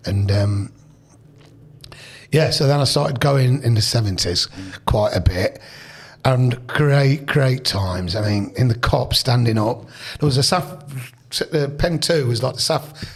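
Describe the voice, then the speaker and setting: A gravelly, husky older man with a Leicester accent, telling stories as a podcast guest. He rambles through anecdotes full of restarts and quoted dialogue in an easygoing, casual chat. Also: mid-range voice. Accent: Leicester English. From Leicester, England.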